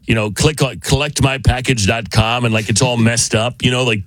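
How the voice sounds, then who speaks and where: A man hosting a radio show, chatting casually and reading texts aloud in lively voices. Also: mid-range voice, fairly quick, no room sound. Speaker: radio host. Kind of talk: casual on-air chat.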